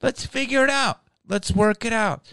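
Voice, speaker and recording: A man putting on a smooth, easygoing male announcer voice with a crooning, sing-song delivery. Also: very high voice, moderate pace, pushed and bright, no echo, voice pushed up, full character voice.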